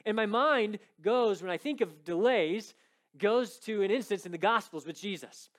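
A man's voice: high-pitched, normal speed. A man preaching a sermon, telling a story with conversational asides and acted-out quotes. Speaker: pastor.

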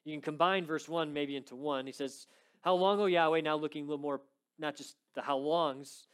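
A man with a high voice preaching to his church. He retells a story in an animated, conversational way, with frequent asides and voices for the people in it. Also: fairly quick, clean tone. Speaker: pastor. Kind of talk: sermon.

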